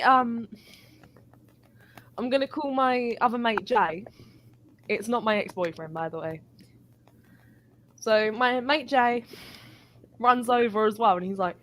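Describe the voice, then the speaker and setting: A woman telling an animated, sweary story in a casual live chat. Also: on the high side, unhurried, long pauses. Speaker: guest.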